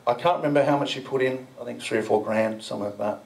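Far from the mic and in rough audio, a crypto business founder at an indoor event venue talks very fast in a gravelly mid-range voice. He tells the audience a loose, chatty story full of rambling asides and mild swearing.

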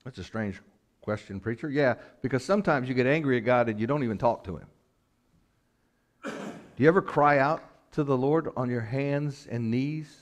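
A pastor preaches a church sermon with mounting passion, putting direct questions to the congregation before dropping into a soft, slow voice. His voice sits in the mid range.

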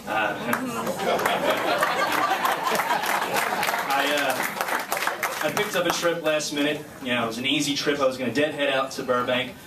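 A man's voice: medium pitch, steady tone, moderate pace, over a noisy crowd. A man giving a personal speech at a graduation ceremony, telling an earnest, chatty story and laughing along the way. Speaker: guest speaker, flight crew member. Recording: distant mic in echoey hall, noisy.

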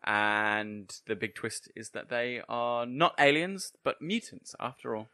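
A man co-hosting a podcast, talking through pacing and plotting flaws with a steady, analytical manner. His voice is bright and forceful. The sound is dry and close. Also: medium pitch, unhurried, no echo. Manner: analytical, critiques plotting at length. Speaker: podcast co-host. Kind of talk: casual discussion.

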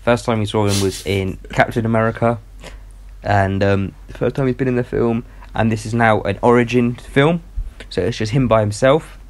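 A man's voice: lowish voice, steady tone, moderate pace, slight background noise. A man co-hosting a casual film podcast, summing things up in a blunt, laid-back, crude way. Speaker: podcast co-host. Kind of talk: casual chat.

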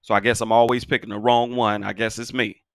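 A man's voice: medium pitch, level tone, a little fast, creaky, a bit bright, clear, resonant tone, dry recording. A man giving parenting advice in a casual monologue, emphatic and folksy, repeating phrases for stress. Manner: folksy, talks straight to viewers.

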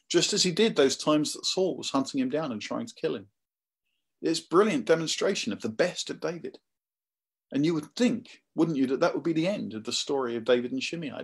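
Male preacher, husky, mid-pitched, lively conversational sermon delivery. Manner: conversational storytelling, animated.

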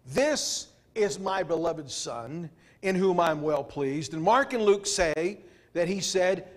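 A man preaching a revival sermon, telling a personal story and then reading scripture with rising emphasis. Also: high-pitched. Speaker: guest preacher.

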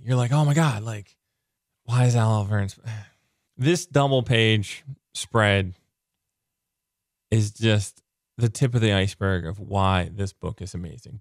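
A man reviewing a comic book in a casual, excitable, rambling way, full of filler words. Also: fairly low pitch, no echo, studio quality.

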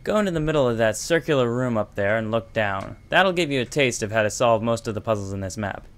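A man's voice: mid-range voice, lively intonation, quick pace, clean tone. A young man leaving a casual, self-deprecating recorded message as a map maker.

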